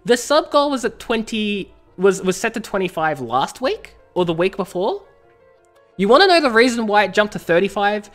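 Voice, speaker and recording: Australian woman, streamer, lively pitch swings, playful, laughing. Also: normal speed, faint music behind. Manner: playful, laughing, teasing the chat. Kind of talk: casual live-stream chat.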